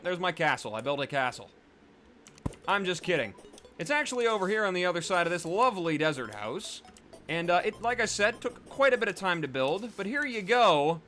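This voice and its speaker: A man's voice: sits high, sharp tone. A man giving casual, rambling gameplay commentary as a let's play host, chatty and full of fillers.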